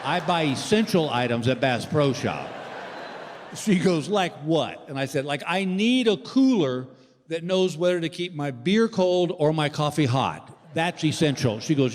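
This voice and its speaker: A man's voice: fairly high pitch, animated, a little slow. Folksy man telling stage stories. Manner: folksy storytelling, acts out both sides of arguments. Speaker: stand-up comedian. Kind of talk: stand-up comedy routine. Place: theater stage with audience. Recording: live theater with hall reverb.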